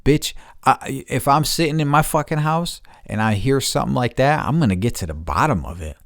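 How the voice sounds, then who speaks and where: A man's voice: mid-range voice, lively intonation, a little fast, no echo, clean studio sound. A man delivering an angry, profane monologue, repeating himself and restarting sentences as he vents. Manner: angry, heavy swearing, repeats words, restarts. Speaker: podcast host.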